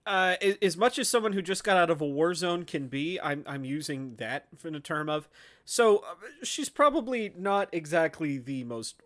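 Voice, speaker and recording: A man's voice: a little high, lively intonation, a bit bright. Hesitant man playing a tabletop game. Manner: hesitant, halting. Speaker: player.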